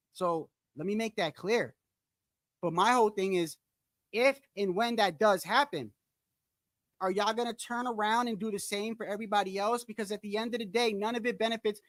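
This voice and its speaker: A man hosting a boxing channel rants in casual commentary, speaking bluntly, emphatically and profanely, repeating himself for emphasis. He addresses his viewers directly, often calling them "bro." His voice is high and a bit bright, with no echo.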